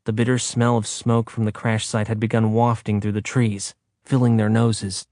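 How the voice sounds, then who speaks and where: A man narrating an audiobook in a measured, steady reading. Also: fairly low pitch, no echo, clean studio sound. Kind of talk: scripted narration.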